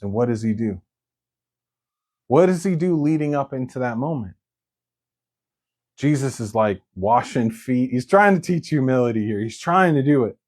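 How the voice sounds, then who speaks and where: A male pastor preaching a sermon, telling the story in an animated way and acting out the quoted lines. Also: mid-range voice.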